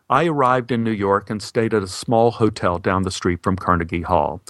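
A male actor telling a personal story as a monologue, in a wry, measured way with deadpan humor. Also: lowish voice, dry recording, studio quality.

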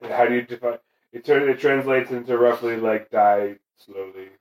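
A man in a relaxed chat with a friend. He chuckles often and fills in names and facts when his friend's memory stalls. His voice carries a roomy echo. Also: medium pitch, normal speed. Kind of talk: casual chat.

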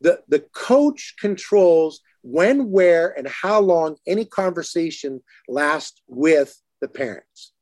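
Animated high-voiced man telling stories. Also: slow pace, hardly any pauses, dry recording, clean studio sound. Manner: animated, acts out quotes in lively higher voices. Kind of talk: casual storytelling chat.

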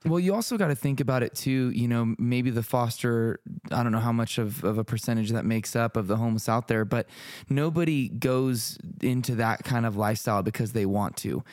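A man's voice: medium pitch, a little fast, darkish tone, no room sound, studio quality. A man co-hosting a casual podcast discussion, thinking aloud with lots of "you know"s.

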